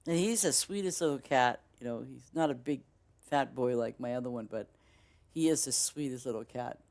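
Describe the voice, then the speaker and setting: A woman's voice: very deep voice, normal speed, vocal fry, a little mellow. A woman game streamer chatting casually with her viewers as she signs off, rambling with lots of fillers and restarts. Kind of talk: casual stream sign-off chat.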